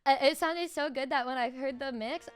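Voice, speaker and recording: A young woman streamer in casual chat, teasing and animated, bursting into loud laughs. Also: high voice, normal speed, soft background music.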